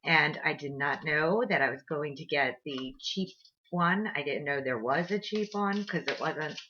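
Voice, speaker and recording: A woman's voice: sits low, a little slow, sharp tone, a little hiss or hum. A woman giving a casual tarot reading to camera, earnest and rambling with many fillers, recorded on an old computer microphone. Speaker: tarot reader. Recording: dull lo-fi computer audio.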